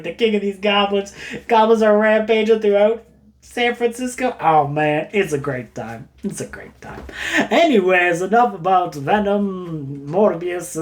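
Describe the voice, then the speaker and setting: A man casually recommending books, rambling and jokey, getting animated as he retells a story. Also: sits high. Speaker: book reviewer. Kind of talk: casual book recommendation talk.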